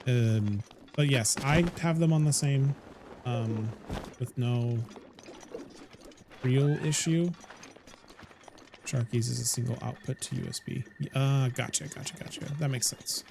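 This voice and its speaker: A man's voice: medium pitch, measured pace, gravelly, long pauses, noisy background. A man live-streaming a game, chatting loosely with his viewers, often stopping to correct himself. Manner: rambling, self-correcting, talks to chat. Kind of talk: casual live-stream chat.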